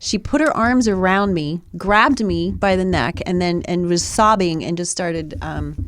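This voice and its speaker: A woman's voice: on the low side, a little slow, slight background noise. A woman co-hosting a podcast, telling a personal story in casual chat, rambling with frequent restarts and fillers. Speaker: podcast co-host. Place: podcast studio.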